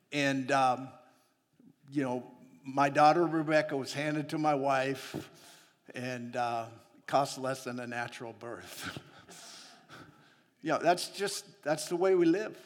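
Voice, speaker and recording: A male preacher tells personal stories from the pulpit in a loose, chatty way. He laughs often between lines, and his voice sits somewhat high for a man. The sound carries a long reverb from a large hall. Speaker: missionary preacher. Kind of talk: sermon with personal storytelling.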